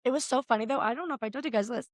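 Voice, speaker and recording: A woman's voice: very fast, no room sound. A young woman co-hosting a podcast, telling a story in a casual chat and acting out the quotes. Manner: animated storytelling, acting out quotes with big pitch jumps. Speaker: podcast co-host.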